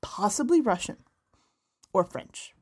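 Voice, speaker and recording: A woman's voice: mid-range voice, animated, slow, darkish tone, slightly rough. Giggly, playful woman podcast host. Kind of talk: casual banter.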